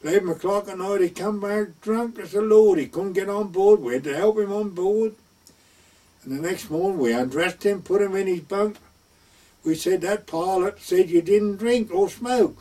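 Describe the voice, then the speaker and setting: A man's voice: high voice, normal speed, dark tone, distant mic. Older man telling old sea stories. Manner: rambling anecdotal, acts out quoted speech. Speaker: interviewee recounting wartime service at sea. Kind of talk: oral history storytelling.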